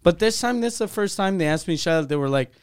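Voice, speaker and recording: A comedian with a smooth, slightly high voice chatting on a podcast. He makes dry jokes and tells loose stories about his bookings. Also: animated, fast talker. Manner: dry, joking asides. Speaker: stand-up comedian and podcast co-host. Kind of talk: casual podcast banter.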